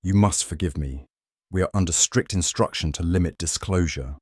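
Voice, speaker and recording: A man's voice: moderate pace, slightly rough, no room sound, clean studio sound. A man doing a guarded Portuguese priest. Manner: low, cautious and guarded. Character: slight, cautious, watchful foreign priest.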